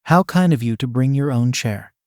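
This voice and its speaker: A man reading a calm, courteous male villain boss who is quietly threatening. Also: medium pitch, normal speed, no echo, clean studio sound, lightly acted.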